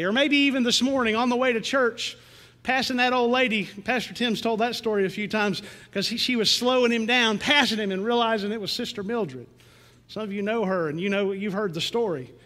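A man preaching a sermon in a church, earnest and slowing down with rising emphasis on key lines. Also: extremely high pitch, sharp tone, big-room sound. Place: church sanctuary.

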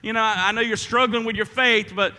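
Man, pastor, sermon, piercing bright tone, restarts and fillers, long hall reverb. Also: sits high, fairly even intonation, a little fast. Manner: preaching with frequent restarts and filler words, rising to emphatic calls.

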